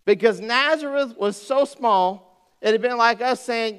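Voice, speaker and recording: A man preaching a sermon as pastor, folksy and joking, with animated storytelling. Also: extremely high pitch, unhurried, smooth.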